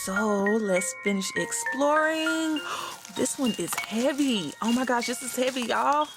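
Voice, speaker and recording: A woman chatting excitedly to viewers while unboxing a gift box, gushing and calling them y'all. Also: on the high side, measured pace, over music. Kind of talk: casual unboxing chat.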